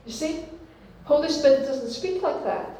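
Slow-preaching woman in an echoey room. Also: high voice, mellow, recorded from a distance. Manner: slow, deliberate teaching with repeated phrases. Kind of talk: sermon.

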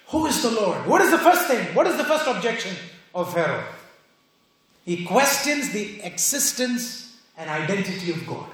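A man preaching a sermon in a very high, lively voice that swoops up and down as he drives home each point. He hammers rhetorical questions and repeats them for weight. The sound rings around a strongly echoing church hall. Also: moderate pace. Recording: very echoey hall.

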